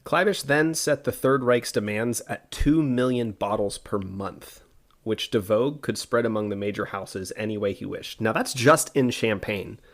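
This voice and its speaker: A man co-hosting a podcast, telling a history story in a relaxed way with asides and fillers. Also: on the low side, normal speed. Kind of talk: casual history podcast narration.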